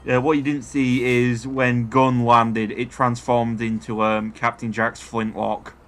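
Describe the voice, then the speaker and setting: A man's voice: mid-range voice, little pitch movement, a bit bright. A man co-hosting game commentary, trading crude jokes and laughing often. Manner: slow, crude, laughing banter. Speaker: let's play co-host.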